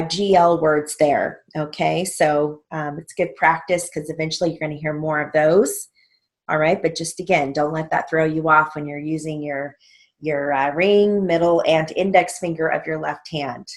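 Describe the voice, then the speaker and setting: Woman, steno teacher, unhurried dictation, spells words letter by letter, slightly low voice, keeps asking okay. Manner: slow, patient, letter-by-letter dictation with frequent "okay?" check-ins. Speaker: steno theory instructor.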